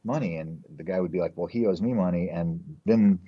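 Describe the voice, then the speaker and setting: Deep, husky man telling a rambling story. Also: a little fast. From New Mexico, US. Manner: rambling, profane, fills with "like" and "you know"; acts out quoted people in his story. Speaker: podcast guest. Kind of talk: casual storytelling. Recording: slightly dull, muffled podcast audio.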